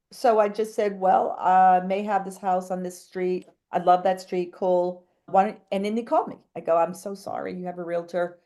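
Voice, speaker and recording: A woman talks as a guest on a podcast, telling a long story in a chatty way. Her voice sits on the low side. She jumps from one thought to the next and acts out the people she quotes. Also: warm tone. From New England. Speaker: real estate agent, podcast guest. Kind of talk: animated storytelling in a podcast interview.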